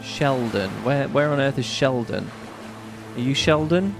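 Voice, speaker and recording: A man's voice: medium pitch, expressive, a little slow. A man giving casual let's-play commentary, chatting and musing aloud as he reads on-screen game text. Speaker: gaming YouTuber. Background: game music.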